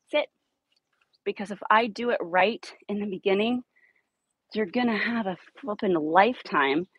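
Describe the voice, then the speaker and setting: A woman's voice: medium pitch, slightly rough, dry recording, poor audio. A woman dog trainer explaining outdoor leash training in a direct, blunt way, working with a puppy in a yard. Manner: direct, blunt coaching with upbeat praise to dogs.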